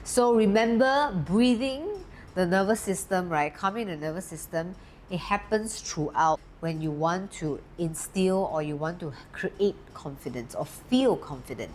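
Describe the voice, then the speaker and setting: A woman coaching an audience on confidence, steady and emphatic as she teaches. Her voice sits fairly low, and she lifts it sharply on the words she wants to stress. A faint background hiss runs under the recording. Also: a little slow. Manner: steady, emphatic, lively pitch swings on key words. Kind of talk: talking-head teaching talk.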